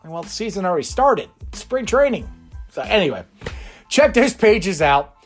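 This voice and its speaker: A male sports show host talks in a loose, rambling way and chuckles often. His voice sits a bit high and swings widely in pitch. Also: sing-song, normal speed, faint music behind. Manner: rambling and chatty, laughs often. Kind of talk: casual sports talk.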